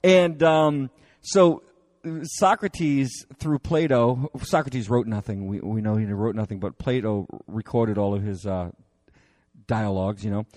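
A male lecturer tells stories in a chatty, animated way, full of fillers and restarts. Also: fairly low pitch, measured pace, no echo, clean studio sound. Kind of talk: storytelling lecture.

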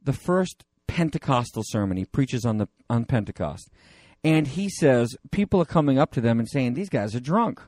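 A male pastor preaching a conversational sermon, animated and digressive, with many fillers and restarts. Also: mid-range voice, moderate pace, no echo.

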